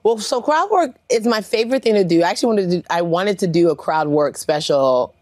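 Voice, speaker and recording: A woman from Nigeria, a comedian chatting in an interview, animated and quick to laugh. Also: fairly low pitch, no room sound. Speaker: comedian guest. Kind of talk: casual interview chat.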